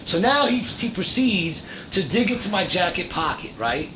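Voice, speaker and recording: A man hosting a casual podcast, telling a story in a profane, animated way and acting out the voices of the people in it. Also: moderate pace. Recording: noisy recording with low rumble.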